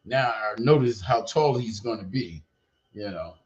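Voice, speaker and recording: A man's voice: on the low side, animated, unhurried, highs cut off, a crowd in the background. An older man hosting a podcast, talking in a loose, rambling, slangy way full of profanity and "you know what I mean.". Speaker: podcast host. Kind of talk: casual livestream chat.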